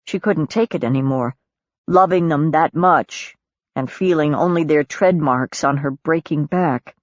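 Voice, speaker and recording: An audiobook narrator with a deep voice reads a novel calmly and in a measured way, delivering scripted narration. There's no room sound, and the recording is dull and lo-fi.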